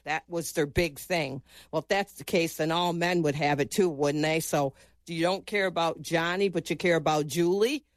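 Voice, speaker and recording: A woman's voice: deep voice, steady tone, moderate pace, no echo. A woman in her fifties, a former boxer, telling her story in an earnest, emphatic way during an interview. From United States. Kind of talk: personal recollection in an interview.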